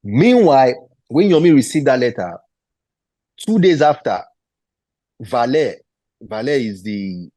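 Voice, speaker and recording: A man with a Nigerian accent tells his story in a sit-down interview, pitched in an ordinary middle register. He acts out the people he quotes, and his sentences often restart mid-thought. The sound is dry, with no room around it. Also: measured pace, pauses often, dry recording. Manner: animated retelling, acting out the people he quotes; frequent restarts and repeated words. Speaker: guest footballer.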